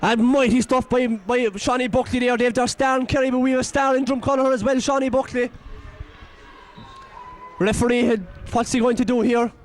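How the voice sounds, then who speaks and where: Very high-pitched excitable Irish commentator. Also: male voice, a little fast. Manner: excitable, partisan, exclaims and scolds players. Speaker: match commentator. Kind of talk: partisan local sports commentary.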